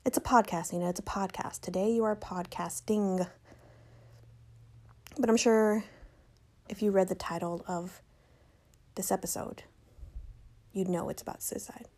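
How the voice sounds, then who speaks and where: A woman's voice: medium pitch, steady tone, measured pace, long pauses, warm tone. A young woman hosting a solo podcast, talking casually, joking and correcting herself as she goes. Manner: chatty, self-correcting, joking. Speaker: podcast host.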